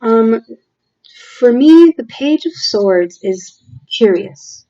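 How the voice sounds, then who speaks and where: A woman talks through a tarot reading at an unhurried pace, stopping often to gather her thoughts. Her voice is mellow and soft-edged. The recording sounds a little dull and lo-fi. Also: on the high side, animated. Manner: slow, halting, reflective with fillers. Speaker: tarot reader. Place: home room with windows.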